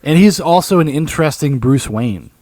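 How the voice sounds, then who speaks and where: A man co-hosting a podcast, chatting casually about films in an animated way, swearing freely and laughing often. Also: fairly high pitch, moderate pace. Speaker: podcast co-host. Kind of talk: casual film discussion.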